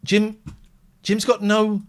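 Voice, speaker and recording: A man hosting a phone-in show in casual chat, rambling and excitable, swinging between loud outbursts and quiet musing. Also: high voice, slow pace.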